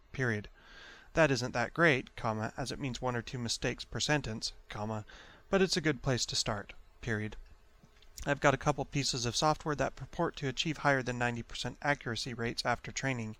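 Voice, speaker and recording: A man dictating an article aloud in a careful, measured way, speaking each punctuation mark. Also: mid-range voice, fairly bright tone.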